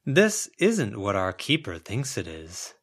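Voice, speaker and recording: A man's voice: on the low side, huge pitch swings, fairly bright tone, heavily acted. A man voicing a whimsical, romantic young man in an audiobook reading, drawing out his words dramatically. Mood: wistful slow. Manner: slow, lingering, dramatic delivery.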